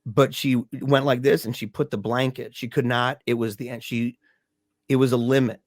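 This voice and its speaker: A man from Michigan, a grieving father guesting on a podcast, casually relates a painful family story with emphasis and plenty of "dude" and "man." His medium-pitched voice holds a level tone at normal speed, captured in studio quality with no room sound.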